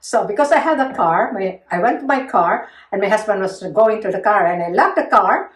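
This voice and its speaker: A woman's voice: a little fast, recorded from a distance. An older woman recounting her own story in casual conversation, acting out the quoted lines with big jumps in her voice. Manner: animated, acts out quotes with big pitch jumps. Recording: echoey room, voice a bit off mic.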